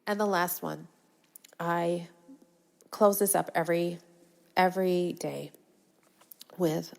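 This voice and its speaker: Earnest gravelly-voiced woman host. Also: on the low side, steady tone, slow, long pauses. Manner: earnest, often drops to a soft near-whisper when repeating affirmations; speaks in short phrases with frequent "okay?" and "right?". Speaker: podcast host. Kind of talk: solo podcast reflection on affirmations.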